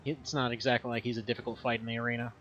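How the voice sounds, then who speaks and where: Racing along in a mid-range, fairly bright voice with a level tone, a man streams a game from home, and a little hiss or hum comes through his slightly muffled mic. This gaming streamer keeps his casual commentary rambling and chatty, laughing a lot.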